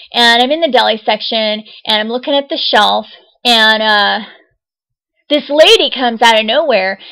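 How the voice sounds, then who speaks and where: A woman's voice: fairly high pitch, a bit bright, rough recording. A young woman vlogging casually to camera, agitated and insistent, repeating herself.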